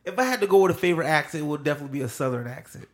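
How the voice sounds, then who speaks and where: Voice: medium pitch, animated, very fast. A podcast co-host in casual chat, playful and mimicking accents.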